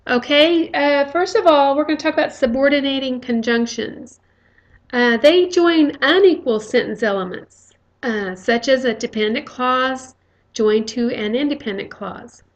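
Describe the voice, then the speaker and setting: A woman's voice: high voice, measured pace. A woman teaching a recorded grammar lecture, explaining step by step with frequent fillers.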